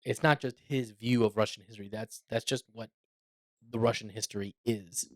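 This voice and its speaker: Animated man chatting on a podcast. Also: on the low side, moderate pace, no echo. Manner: animated, opinionated, laughs often. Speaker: podcast co-host. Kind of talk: casual chat.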